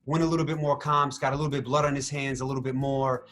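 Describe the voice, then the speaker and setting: A man in a casual interview, telling his story with animated energy, acting out what he said and thought. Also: mid-range voice, fast talker. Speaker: reality show contestant interviewed.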